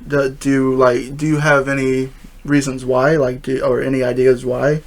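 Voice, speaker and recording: A man hosting a casual chat, mostly answering with brief, low-key replies and asking questions. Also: flat delivery, moderate pace. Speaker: host.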